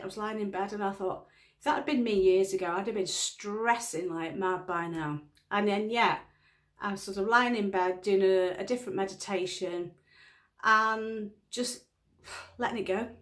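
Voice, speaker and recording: Woman, middle-aged, casual vlog, chatty storytelling, laughs a lot, mid-pitched voice. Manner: chatty storytelling, laughs often, acts out dialogue. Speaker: vlogger. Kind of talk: casual chat.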